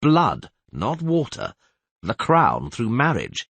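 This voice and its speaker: A man's voice: medium pitch, wildly swooping pitch, takes it slowly, fairly bright tone, breathy edge, no echo, pitched above the performer's own voice, heavily acted. A man voicing a blunt, scornful king in an audiobook, speaking with dry force. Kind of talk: audiobook character voice.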